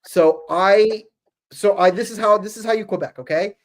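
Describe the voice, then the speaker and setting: A man's voice: sits high, normal speed. A man from Canada with a Canadian English accent, co-hosting a podcast in rambling, emphatic casual chat. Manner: rambling and emphatic, repeats himself. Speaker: podcast co-host.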